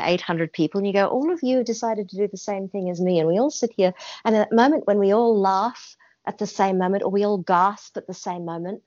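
A woman's voice: mid-range voice, darkish tone, muffled recording. A woman from Australia, the artistic director of a theatre company, answering interview questions with passion and many restarts. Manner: passionate, emphatic, with frequent restarts.

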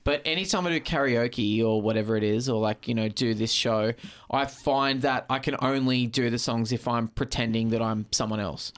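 A man's voice: mid-range voice, normal speed. Young Australian man, chatty. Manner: relaxed, laughs easily, many fillers. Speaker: comedian guest. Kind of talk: casual chat.

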